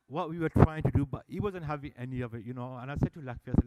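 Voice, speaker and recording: Man, mid pitch, mellow tone; animated storytelling speech at a public meeting. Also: fast, few pauses. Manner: animated storyteller, acts out dialogue. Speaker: service user speaker at annual meeting. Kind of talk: public speech telling stories. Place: meeting hall.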